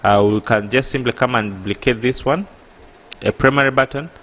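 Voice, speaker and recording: A man with an East African accent teaching an app coding tutorial, halting and correcting himself, often pausing with a rhetorical "what?". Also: mid-range voice, fairly bright tone, slight background noise. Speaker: programming tutor. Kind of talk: screen-recorded coding tutorial.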